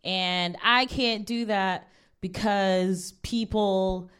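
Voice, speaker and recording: A woman in her thirties, from Ohio, doing a stand-up set on stage to a live audience. She talks in a laid-back, wry way at a mid-range pitch and drops in plenty of fillers between jokes. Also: fairly even intonation, very slow, a bit bright, clean tone. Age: 30s. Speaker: stand-up comedian.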